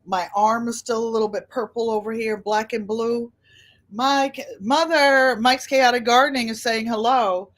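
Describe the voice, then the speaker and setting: A woman's voice: a little high, fairly even intonation, normal speed, few pauses. Older woman, rambling livestream chat, greets viewers by name, friendly talkative host. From United States.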